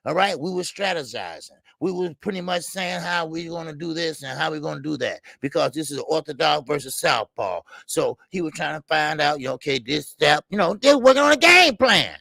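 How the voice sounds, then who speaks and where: A man with a raised, gravelly voice hosts a live boxing talk stream. He rants in a heated, profane way, hammers his points home through repetition and breaks off to greet viewers by name. The sound is dry and close. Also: fairly high pitch, lively intonation, brisk, few pauses, pushed and bright, no room sound. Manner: reads viewer names and Super Chats. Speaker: boxing talk show host. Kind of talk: live-stream call-in rant.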